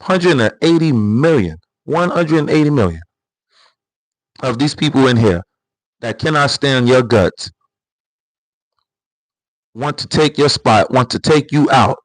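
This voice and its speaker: A man's voice: medium pitch, expressive, unhurried, pauses often, dry recording, low-quality recording. A man hosting a livestream, giving casual political commentary in an emphatic, repetitive way full of rhetorical questions. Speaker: livestream host.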